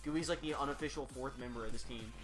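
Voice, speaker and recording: A commentator giving casual, excited play-by-play of computer fighting matches. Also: mid-range voice, fast, over music.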